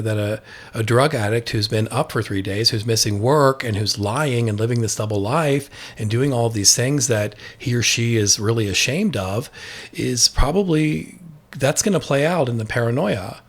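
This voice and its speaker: A man's voice: mid-range voice, normal speed. A man, an addiction expert, speaking candidly in a podcast conversation and telling a personal story with quoted dialogue.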